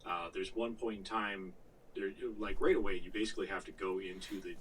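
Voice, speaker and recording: A man's voice: low voice, fairly even intonation, brisk, distant mic, a little hiss or hum, rough recording. A man co-hosting a podcast, telling a long gaming story in casual chat, full of fillers, restarts and the odd swear word. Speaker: podcast co-host.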